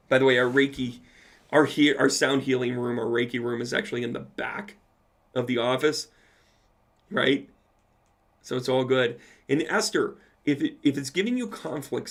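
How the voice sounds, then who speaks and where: Chatty gravelly man on a live Q&A. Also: mid-range voice, fairly bright tone. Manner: chatty, reads out viewer comments, playful asides. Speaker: medium answering live chat questions. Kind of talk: casual livestream Q&A.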